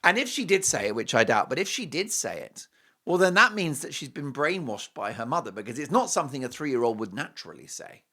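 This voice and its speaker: A man's voice: mid-range voice, very animated, fairly quick, bright, forceful tone. A man hosting an opinionated commentary show, speaking in a scornful, sarcastic and emphatic way. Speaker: host.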